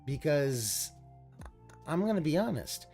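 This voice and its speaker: A woman's voice: low-pitched, big pitch swings, takes it slowly, mellow, slightly rough, soft background music. A woman streamer reacting to a video in an exasperated, sarcastic, profane rant, now and then mocking the person she is watching. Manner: exasperated, sarcastic, swears a lot, mocking voices. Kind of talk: profane ranting reaction commentary.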